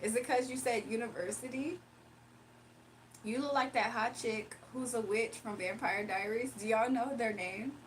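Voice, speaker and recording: A woman's voice: on the high side, moderate pace, slight background noise. A woman hosting a casual livestream, reading chat comments aloud and laughing often. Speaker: livestream host.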